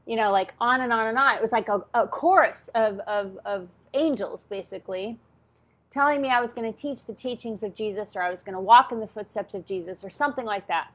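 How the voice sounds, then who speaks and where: Higher-voiced chatty woman in her fifties. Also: brisk, a bit bright. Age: 50s. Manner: chatty, peppers talk with "like" and "okay?". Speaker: channel host. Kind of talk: personal storytelling.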